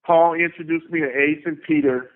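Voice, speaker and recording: A man with a slightly raised voice spins a story in a loose, profane, emphatic way. He comes through a thin, phone-like line that cuts off the lows and highs. The talk is casual interview storytelling. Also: steady tone, normal speed. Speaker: guest, tour manager.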